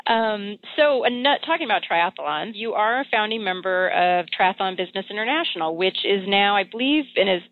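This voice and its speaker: A woman interviewing a guest in a casual chat, friendly and quick to laugh. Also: medium pitch, lively intonation, slight background noise. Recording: tinny phone line.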